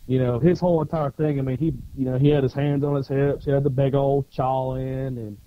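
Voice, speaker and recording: A former Marine co-hosting a podcast, telling stories in a profane, animated way and acting out the shouting. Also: male voice, medium pitch, brisk. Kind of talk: casual storytelling chat. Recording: dull lo-fi dry sound.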